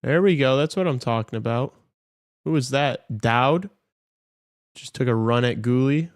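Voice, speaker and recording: A young man co-hosting a live show, chatting loosely and breaking into sudden excited outbursts. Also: mid-range voice, a little slow, smooth, no room sound, studio quality. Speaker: podcast co-host. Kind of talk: casual live game-watch chat.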